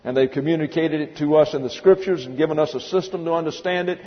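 A fast-talking pastor with a somewhat high male voice preaches an expository sermon teaching the Bible. Emphatic throughout, he breaks the passage down word by word and stops to spell Greek terms letter by letter. The sound is dull, with the long reverb of a church hall.

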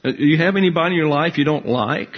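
A man's voice: fairly high pitch, quick pace, lo-fi sound. A man teaching a Bible class in a conversational way, asking his listeners questions as he explains.

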